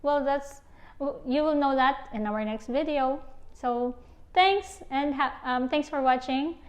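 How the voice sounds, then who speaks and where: A woman's voice: high-pitched, slow. A young woman with a Filipino accent teaching a language lesson, patient and switching between English and Tagalog.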